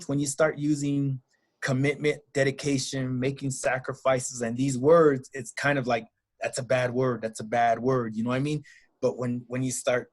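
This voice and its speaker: A man's voice: medium pitch, slightly rough. Reflective male interview host. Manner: reflective, rambling, restarts sentences. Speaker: interview host and football coach. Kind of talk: casual interview conversation.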